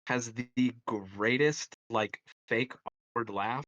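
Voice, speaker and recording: A man co-hosting a film podcast, cutting in apologetically and talking in a halting, casual way. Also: medium pitch, fairly bright tone, highs cut off. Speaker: podcast co-host. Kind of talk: casual film debate chat.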